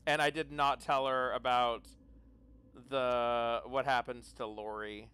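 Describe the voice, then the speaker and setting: A man's voice: mid-range voice, level tone, slow pace, sharp tone, clean tone, dry recording. A man playing in an online tabletop game, chatting and telling rambling stories between turns. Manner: rambling anecdotal storyteller. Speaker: player. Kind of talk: casual chat during a tabletop game.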